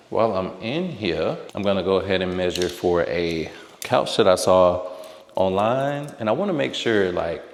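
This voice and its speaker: A man's voice: low voice, vocal fry. A man chatting casually and profanely to his viewers in a vlog, recorded on a handheld camera at home. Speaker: vlogger. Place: home, room with long reverb. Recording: echoey empty room.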